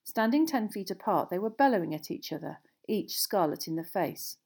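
A woman narrating a storybook aloud in a steady, measured reading. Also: fairly low pitch, gravelly. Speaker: audiobook narrator.

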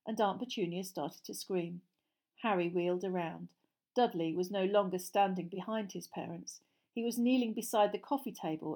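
A woman narrating a storybook audiobook in a steady, clear reading voice. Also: mid-range voice.

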